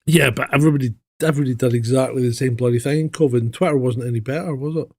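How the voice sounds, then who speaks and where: A man's voice: mid-range voice, racing, breathy edge. A man co-hosting a casual podcast, swearing freely and telling stories with animation. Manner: profane, animated storyteller. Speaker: podcast co-host.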